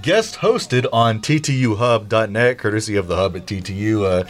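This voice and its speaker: A man's voice: on the low side, animated, normal speed. A man hosting a college radio talk show, speaking casually and hesitantly, with many filler words. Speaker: radio host. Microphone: studio microphone.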